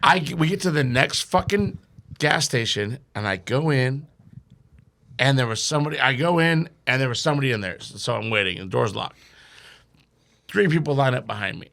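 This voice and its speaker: A man guesting on a comedy podcast, telling a story in a profane, animated way and laughing between his sentences. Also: medium pitch, normal speed, gravelly. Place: podcast studio.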